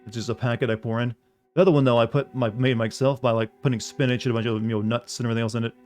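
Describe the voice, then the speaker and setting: A man's voice: mid-range voice, steady tone, rapid-fire, a little mellow, faint music behind. Rambling young male game streamer. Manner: rambling, full of filler words, reading chat aloud. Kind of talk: casual gameplay chat with viewers.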